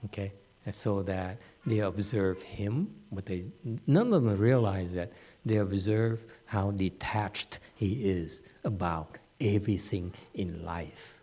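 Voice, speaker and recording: A man giving a dharma talk to students in a slow, unhurried way. He speaks plainly and bluntly, teasing his listeners. His sentences are full of fillers and restarts. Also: on the low side, dark tone. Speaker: Buddhist teacher. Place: meditation center hall.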